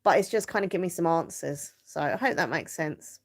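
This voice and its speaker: A middle-aged woman talks casually to her live stream viewers. Her voice sits a little low, and she rambles along with plenty of fillers and easy laughter. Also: expressive, fairly quick. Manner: chatty and rambling, many fillers, laughs easily. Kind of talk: casual chat.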